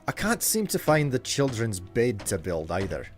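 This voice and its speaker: A man streaming a game live, chatting and joking as he reacts out loud to what happens in it. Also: mid-range voice, huge pitch swings, normal speed, soft background music. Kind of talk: live gameplay commentary.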